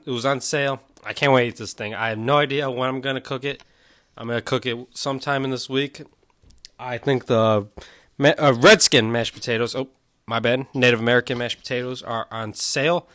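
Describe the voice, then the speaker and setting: A man's voice: medium pitch, fairly bright tone. A young man from Chicago chats alone into his podcast mic. His voice sits in an ordinary middle range, and the sound is dry and close with no room echo. He rambles from one thing to the next, loose and a little self-mocking. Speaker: podcast host. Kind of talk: casual solo podcast chat.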